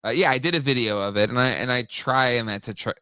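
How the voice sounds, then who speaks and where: A man's voice: medium pitch, fast talker, sharp tone, clear, resonant tone, dry recording, studio quality. A man hosting a casual podcast, talking toys with enthusiasm and lots of restarts. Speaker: podcast host. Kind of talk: casual chat.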